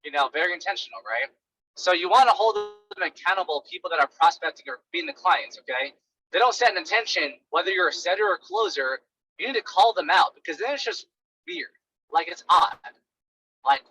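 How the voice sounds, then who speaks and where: High, bright-voiced man coaching bluntly. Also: brisk, a little hiss or hum, poor audio. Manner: animated, blunt, many fillers like "right" and "like". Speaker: sales coach. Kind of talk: casual coaching monologue.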